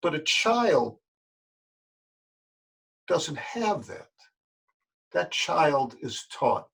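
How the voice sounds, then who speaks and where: A man's voice: a little high, sing-song, extremely slow, gravelly, fairly bright tone, husky. An older man, a yoga teacher, talking straight to his listeners in a folksy, earnest way and repeating words for emphasis. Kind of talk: spoken address to camera.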